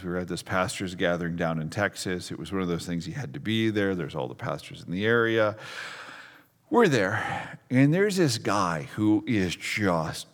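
A pastor in his forties preaching a sermon, telling stories with self-mocking humor and acting out the people in them. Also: lowish voice. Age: 40s. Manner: lively storytelling, acts out quotes, self-mocking humor. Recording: long reverb of a large hall.

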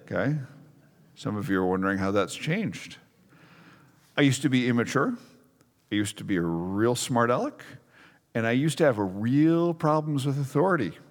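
A man in his forties preaching from the pulpit, his voice trailing off into the long echo of a large hall. He tells stories with self-mocking humor and acts out the people in them. His pitch sits in the middle range for a man. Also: very animated, normal speed, long pauses. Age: 40s. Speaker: pastor. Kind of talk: sermon.

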